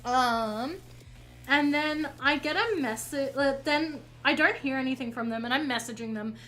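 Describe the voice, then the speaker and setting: A woman's voice: high voice, normal speed, a bit bright, rough recording. A woman streaming while painting, telling a rambling story in casual chat and often correcting herself. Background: faint music.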